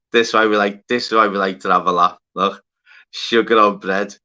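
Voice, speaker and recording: Bloke on a livestream, swears loads, chats to viewers by name, really bright sharp voice. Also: male voice, lowish voice. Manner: chatty, swears freely, greets viewers by name. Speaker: livestream host. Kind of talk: casual live-chat banter.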